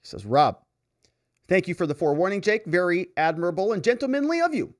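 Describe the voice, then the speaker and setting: A male livestream host with a fairly high voice that swings up and down a lot as he talks. He reads viewer comments aloud and riffs on them in an easygoing, chatty way. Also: very animated, fast talker. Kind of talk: casual livestream chat.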